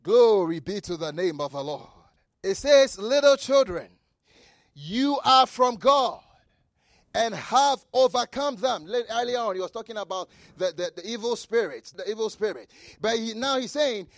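High-voiced man preaching a fervent sermon. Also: expressive, moderate pace, dry recording, studio quality. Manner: fervent, repeats phrases and shouts for emphasis; reads scripture aloud and comments with asides.

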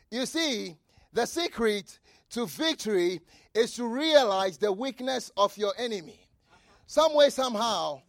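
A man preaching a fervent sermon, repeating phrases, shouting key lines and reading scripture aloud. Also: sits high, creaky, no echo, studio quality. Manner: reads scripture aloud and comments with asides.

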